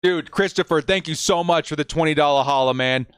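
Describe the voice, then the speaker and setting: A man hosting a live stream, reacting with hype, shouting and whooping, and reading out viewer messages. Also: fairly high pitch, a little fast.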